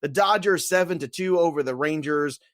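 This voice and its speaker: A man co-hosting a casual sports podcast, joking and animated, laughing often as he runs through results. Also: on the high side, moderate pace, no room sound, studio quality. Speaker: podcast co-host.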